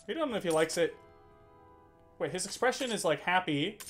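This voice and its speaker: A man's voice: high voice, lively intonation, a little fast, fairly bright tone, soft background music. A man streaming a video game, chatting casually, reading game text aloud, laughing and swearing now and then. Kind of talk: casual gameplay commentary.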